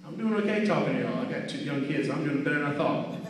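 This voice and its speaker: High-voiced man in an echoey hall. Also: fast talker, slight background noise. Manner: energetic call-and-response, repeats key phrases. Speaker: guest speaker at a school. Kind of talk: motivational talk to schoolchildren. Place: school hall or gym. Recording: echoey hall picked up from far off.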